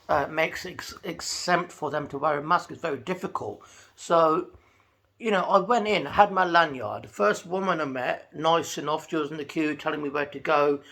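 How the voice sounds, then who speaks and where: A man telling a chatty, animated story to camera from his home. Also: on the high side, gravelly. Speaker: vlogger. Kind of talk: casual talking-to-camera vlog.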